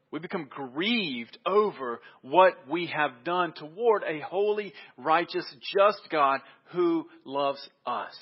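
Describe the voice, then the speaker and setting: A man's voice: fairly high pitch, breathy edge, lo-fi sound. A man preaching a sermon, emphatic and repeating key phrases for weight.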